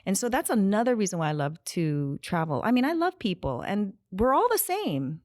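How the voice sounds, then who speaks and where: A woman's voice: mid-range voice, sing-song, moderate pace, a little mellow, dry recording, studio quality. A middle-aged woman chatting as a guest on a podcast. She laughs often and wanders off on tangents. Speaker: interview guest, nonprofit director. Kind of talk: casual podcast conversation. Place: podcast studio.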